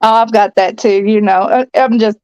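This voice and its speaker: A woman's voice: medium pitch, fairly even intonation, darkish tone, clear, resonant tone, no room sound, lo-fi sound. A woman with a Southern US accent, chatting and giggling often in a casual late-night group call. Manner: giggly, slow drawl. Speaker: chat participant.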